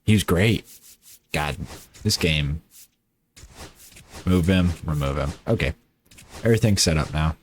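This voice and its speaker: A man's voice: extremely low pitch, a little slow, pauses often, slight background noise. A man casually talking through his baseball video game season, rambling and correcting himself as he goes. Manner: rambling, self-correcting, offhand. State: tired. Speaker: gaming YouTuber.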